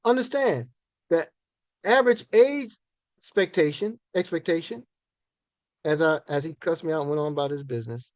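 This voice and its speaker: A man in his sixties with a fairly high voice, talking to an audience in a loose, folksy storytelling way. He repeats and restarts words as he thinks aloud. The sound is close and dry. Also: moderate pace, pauses often, no room sound. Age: 60s. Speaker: minister giving a finance talk.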